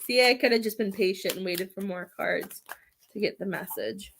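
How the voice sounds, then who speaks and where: A woman's voice: mid-range voice, moderate pace, gravelly, a bit bright, slight background noise. A woman giving a live tarot and medium reading in a chatty, emotional way, laughing often between thoughts and coming close to tears. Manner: emotional, near tears at times.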